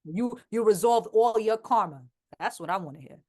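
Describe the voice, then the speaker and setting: New york woman rapper, blunt and sweary, animated casual chat. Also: medium pitch, moderate pace. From Queens, New York. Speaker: rapper and writer, guest.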